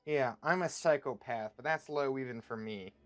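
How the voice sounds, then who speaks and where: Sour, sarcastic male villain, grumbling and deadpan, played by a man. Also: mid-range voice, normal speed, natural voice. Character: grumpy cynical male self-declared psychopath villain.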